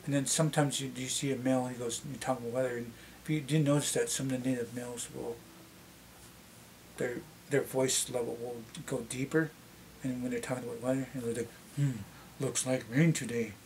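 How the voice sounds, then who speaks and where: A middle-aged man with a Canadian accent and a slightly deep voice, chatting casually to camera and rambling with many restarts. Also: level tone, brisk, darkish tone, slight background noise. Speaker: vlogger.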